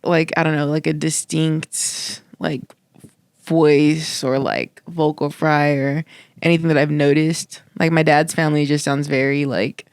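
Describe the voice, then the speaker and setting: Low-key deadpan young woman. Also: unhurried, smooth, no room sound, studio quality. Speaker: podcast co-host. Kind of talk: casual chat.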